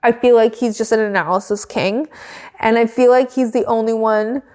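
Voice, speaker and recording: A woman's voice: on the high side, fairly even intonation, moderate pace, darkish tone. A woman co-hosting a podcast, recapping in a casual, chatty way and filling her talk with "like", now and then giggling. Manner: chatty, peppered with "like", breaks into giggles. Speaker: podcast co-host.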